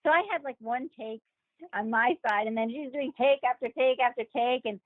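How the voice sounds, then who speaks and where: Woman guest, lively anecdote-teller, tinny dry call audio, average pitch. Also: normal speed, no room sound. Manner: animated, acts out quoted voices with laughs. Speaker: guest actor. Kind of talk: casual interview storytelling.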